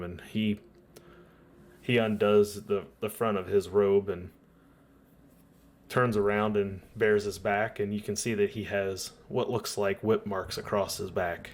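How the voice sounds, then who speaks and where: A man running a tabletop game as game master, narrating in a relaxed, rambling way. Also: lowish voice.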